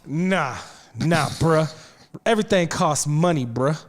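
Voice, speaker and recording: A man with a slightly higher voice than most hosts a live sports talk show, chatting casually with a co-host in a studio. He talks in an animated way, throws in quick asides and laughs often.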